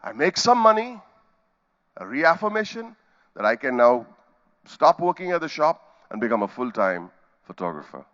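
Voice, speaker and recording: On a conference hall stage, a middle-aged keynote speaker with an Indian accent tells stories, acting out scenes with sound effects and character voices. His mid-range voice swings widely in pitch, sounds a bit bright, and moves at a moderate pace with frequent pauses. The highs in the recording are cut off.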